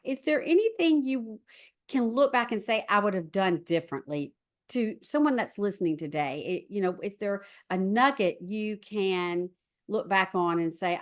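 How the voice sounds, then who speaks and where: A woman hosting a faith podcast interview, affirming and encouraging her guest. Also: medium pitch. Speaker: podcast host.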